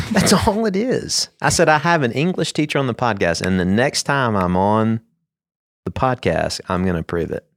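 A man, co-hosting a podcast in casual chat, telling animated stories and laughing often. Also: medium pitch, moderate pace, dry recording, studio quality. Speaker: podcast co-host.

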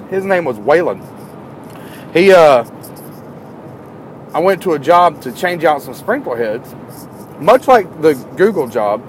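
Guy telling work stories, high voice, gets loud and excited, faint street hum behind. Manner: animated, climbs higher and louder when worked up. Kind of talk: casual storytelling.

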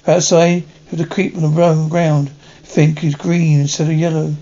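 A man reading a first-person story aloud in a halting, stumbling way, often restarting words. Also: a little high, level tone, mellow. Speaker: reader. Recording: dull lo-fi recording.

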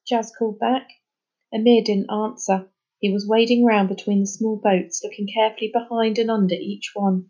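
A woman reading a children's chapter book aloud in a clear, measured storytelling manner. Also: medium pitch, level tone, mellow. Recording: muffled lo-fi recording.

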